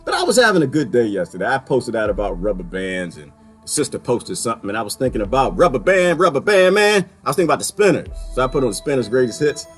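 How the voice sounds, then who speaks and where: Animated ranting man with swinging pitch. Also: fast talker, soft background music. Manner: animated, swings from loud outbursts to quiet mutters, laughs often; folksy, uses "y'all". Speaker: vlogger. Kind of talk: ranting monologue.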